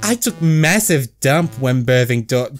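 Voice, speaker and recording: A man's voice: medium pitch, expressive, unhurried, faint music behind, close to an everyday voice. A man voicing a blunt, oversharing woman coworker who talks in clipped broken sentences and is matter-of-fact about crude topics.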